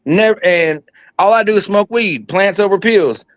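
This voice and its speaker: A man's voice: high-pitched, expressive, normal speed, fairly bright tone, no room sound, muffled recording. A man in his thirties talking heatedly and profanely in casual chat, rambling as he gets worked up. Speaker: guest.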